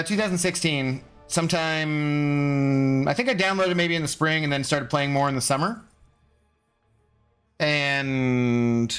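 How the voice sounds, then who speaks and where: Chatty man streaming a game, raised pitch. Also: fairly bright tone. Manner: rambling, chatty, reads chat aloud and answers. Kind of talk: casual live-stream chat while gaming.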